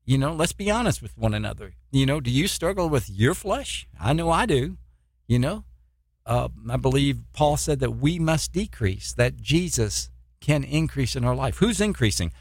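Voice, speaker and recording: A man's voice: medium pitch, sing-song, normal speed, no echo, clean studio sound. A man preaching a sermon as a missionary, fervent, full of rhetorical questions and repeated words.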